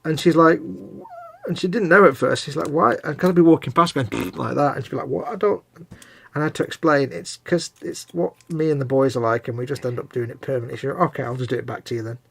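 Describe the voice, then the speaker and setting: A man's voice: fairly high pitch, fast, gravelly, slightly rough. A middle-aged man co-hosting a live stream, chatting and telling self-mocking stories. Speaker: co-host of a live hobby stream. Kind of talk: casual banter.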